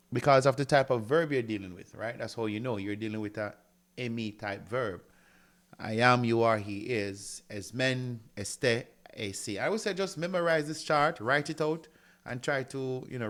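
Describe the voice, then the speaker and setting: A Greek teacher with a medium-pitched male voice delivers a recorded grammar lecture, explaining step by step. He often checks in with "right?" while reading from a textbook and writing on a board.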